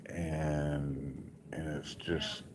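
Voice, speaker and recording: A man's voice: extremely low pitch, level tone, extremely slow, background noise. A man in a hospital room giving a casual, rambling update, telling stories with many asides. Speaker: vlogger.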